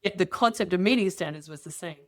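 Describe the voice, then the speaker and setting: A middle-aged woman guest telling personal stories in casual conversation, lively and acting out dialogue with quoted voices. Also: fairly low pitch, fast talker, dry recording, clean studio sound. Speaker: interview guest.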